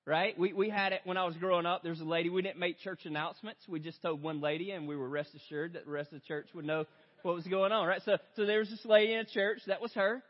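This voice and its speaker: A male pastor preaching a sermon in a conversational way, often tagging lines with "right?", and reading scripture more slowly and softly. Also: sits high, fairly even intonation. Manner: reads scripture slower and softer. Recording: reverberant hall, dull lo-fi sound.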